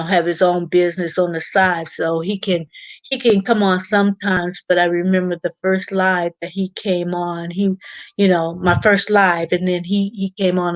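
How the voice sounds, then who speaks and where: Casting note: woman livestream host, slow and unhurried, dry close sound, chatty and halting. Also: fairly low pitch, no room sound. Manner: chatty, halting, repeats words while reading chat. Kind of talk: casual livestream chat.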